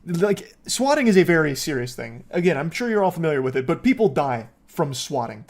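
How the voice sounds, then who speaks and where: A man narrating and joking over footage in a sarcastic tone. His voice sits a bit high for a man. He swears casually as he riffs. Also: sing-song, a little fast. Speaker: commentator. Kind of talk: reaction commentary.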